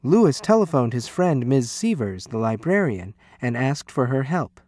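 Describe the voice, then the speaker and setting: A man reading a children's storybook aloud in an expressive, animated way. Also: mid-range voice, normal speed, no echo.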